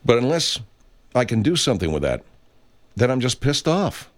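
A man's voice: medium pitch, very animated, moderate pace. A middle-aged man hosting a podcast, musing in a casual, rambling monologue full of swearing and restarts. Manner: rambling, profane, many restarts. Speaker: podcast host.

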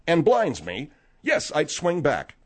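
A man hosting a comic on-air back-and-forth, sarcastic and teasing. His pitch swoops widely from deep mutters to sudden highs, never staying flat for long. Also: slow pace.

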